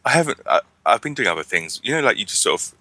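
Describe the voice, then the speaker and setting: Wry deep-voiced man chatting. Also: sing-song, quick pace, pushed and bright, dry recording. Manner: chatty, wry, rambling with restarts. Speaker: podcast co-host. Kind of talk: casual chat.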